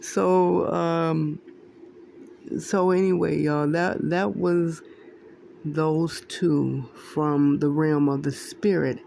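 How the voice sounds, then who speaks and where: A woman's voice: low-pitched, steady tone, drawn-out words, gravelly, warm tone, a little hiss or hum. A woman casually sharing a spiritual dream with her viewers, rambling, repeating herself and laughing often. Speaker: Christian video creator sharing dreams.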